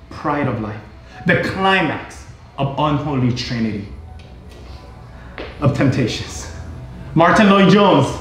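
A middle-aged male pastor preaching a sermon in a church, emphatic and repetitive, at times rising to shouts. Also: fairly high pitch. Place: church sanctuary. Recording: very echoey hall.

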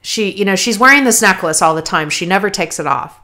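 A woman's voice: medium pitch, expressive, brisk, bright, forceful tone. A woman hosting a motivational podcast, talking casually and often checking in with "right?". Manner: conversational, frequent "right?" tags. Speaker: podcast host, health coach.

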